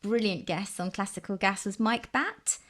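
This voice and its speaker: A woman's voice: mid-range voice, normal speed, a bit bright. A woman, a soprano singer talking as a guest in a casual interview, chatty with tag questions.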